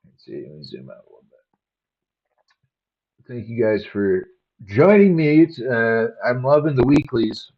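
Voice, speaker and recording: A man hosting a solo podcast, talking casually with many pauses and fillers. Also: medium pitch, big pitch swings. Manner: slow, halting, many fillers. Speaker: podcast host. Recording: dull lo-fi audio.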